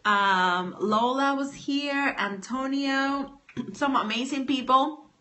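A woman's voice: high-pitched, takes it slowly, sharp tone. A woman greeting her livestream viewers by name in a bubbly, welcoming casual chat. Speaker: livestream host. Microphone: phone or webcam.

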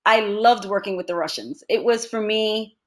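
A woman from the United States, an actress and interview guest, telling lively stories in a casual chat and laughing often. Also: mid-range voice, normal speed.

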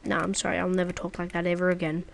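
A woman's voice: on the low side, completely flat delivery, rapid-fire, creaky. Woman, casual gameplay commentator, chatty and playful. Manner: chatty and playful, talking to the viewer. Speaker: gaming video creator. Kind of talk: casual let's-play commentary.

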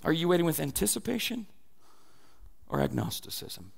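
Male pastor, animated sermon delivery, loud to soft; gravelly, a bit high. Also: moderate pace.

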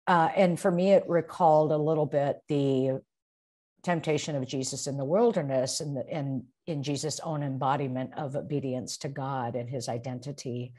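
A woman with a low-pitched voice talks through a Bible passage on a video call. She is reflective and searching, circling back and restarting her sentences as she thinks aloud. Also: steady tone, normal speed, mellow. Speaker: seminary professor, podcast co-host. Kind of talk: casual discussion of scripture.

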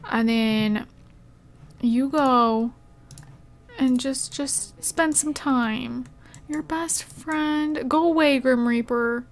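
A woman's voice: on the high side, steady tone, drawn-out words, long pauses. A young woman giving emotional let's play commentary, gasping and exclaiming as she talks to her viewers.

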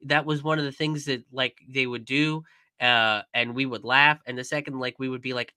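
A man's voice: medium pitch, steady tone, normal speed, sharp tone, clear, resonant tone, no room sound. A young man commenting in a casual stream, angry and profane, with many fillers and restarts.

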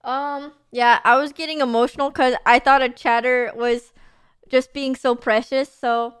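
Young woman streamer, high and smooth, gushing casual chat. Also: fairly even intonation, measured pace, fairly bright tone. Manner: bubbly, gushing, many fillers and laughs. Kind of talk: casual chat reading messages.

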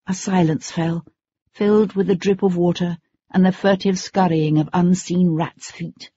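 A narrator reading an audiobook in a steady, measured way. The voice is husky and breathy. The recording sounds dull and lo-fi. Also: medium pitch, dry recording. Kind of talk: scripted narration.

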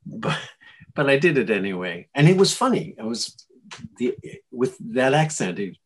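Husky-voiced male actor telling stories. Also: mid-range voice, normal speed. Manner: animated and chuckling, with frequent restarts. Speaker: actor guest. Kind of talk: casual interview storytelling.

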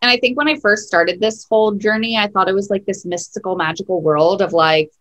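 A woman guest talking in a relaxed podcast conversation, with a voice of middle pitch. She is animated and laughs easily. She often breaks into quoted asides about herself. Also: fairly quick. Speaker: guest, nutritionist. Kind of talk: casual podcast chat.

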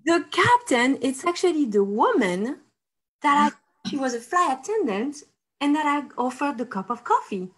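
Animated woman telling a story. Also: sits high, moderate pace, poor audio. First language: French. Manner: animated, acts out quotes with laughs. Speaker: host. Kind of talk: casual storytelling chat.

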